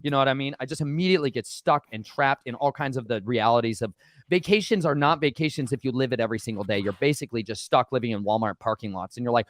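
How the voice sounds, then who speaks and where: A man hosting his channel and telling his own story in an animated, rambling way. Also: medium pitch, fast, dry recording, studio quality. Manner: rambling and excitable, slipping into mock voices. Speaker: channel host. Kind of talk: animated personal testimony.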